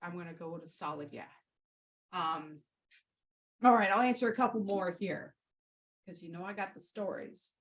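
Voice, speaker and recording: A woman's voice: on the low side, normal speed, pauses often, rough recording. Rambling, heartfelt woman podcaster. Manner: rambling and heartfelt, with many fillers and restarts. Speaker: Reiki practitioner and podcast host. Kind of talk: casual storytelling and Q&A.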